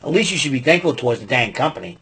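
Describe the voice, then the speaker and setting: A man with a husky, breathy voice talks through a wrestling broadcast in casual podcast style. He rambles, piles up fillers and gives his opinions freely. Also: mid-range voice, sing-song, racing, fairly bright tone. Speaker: podcast host. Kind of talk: casual wrestling show recap.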